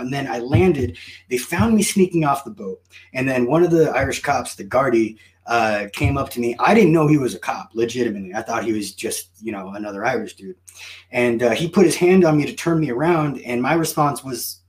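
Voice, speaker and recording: Man, casual guest, tells stories with animated self-mocking energy. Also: medium pitch, brisk. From United States. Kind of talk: casual chat.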